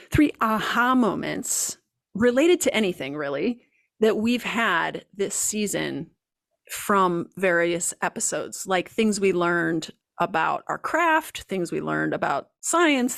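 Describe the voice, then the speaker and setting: Gravelly-voiced woman co-hosting a podcast. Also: on the low side, no echo, studio quality. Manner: chatty, animated, lots of fillers. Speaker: podcast co-host. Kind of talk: casual podcast chat.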